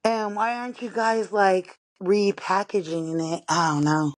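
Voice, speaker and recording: A woman's voice: mid-range voice, fairly even intonation, a little slow. A woman hosting a podcast, ranting indignantly while slightly out of breath from walking laps in her living room. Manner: indignant, exasperated, talks straight to listeners. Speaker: podcast host. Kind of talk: casual ranting monologue.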